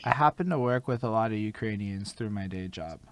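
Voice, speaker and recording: Male interview host, low voice, laid-back slang. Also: lively intonation, a little fast. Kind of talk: casual interview chat.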